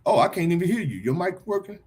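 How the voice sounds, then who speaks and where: Husky guy hosting a podcast, high voice, all over the place, laughs a lot. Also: sing-song, quick pace, darkish tone. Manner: laughs often, teasing, loose and conversational. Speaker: podcast host. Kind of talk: casual talk show chat.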